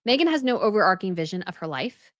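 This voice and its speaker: एक महिला होस्ट, जो व्यंग्य भरे और तीखे लहजे में एक वीडियो पर टिप्पणी करती है।. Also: female voice, medium pitch, very animated, fast talker, fairly bright tone, dry recording. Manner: sarcastic, scornful running critique. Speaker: commentary channel host. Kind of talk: reaction commentary.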